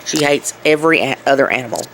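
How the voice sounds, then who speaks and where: A woman with an extremely low voice talks quickly while filming at home indoors, chatting to her pets in a singsong tone for a casual video. Heavy background noise fills the clip.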